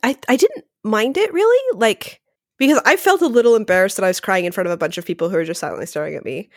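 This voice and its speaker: A woman's voice: mid-range voice, dry recording, studio quality. A woman guest on a podcast, chatting casually and animatedly, with a lot of "like" between her words. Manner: rapid and animated, heavy use of "like". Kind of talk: casual conversational interview.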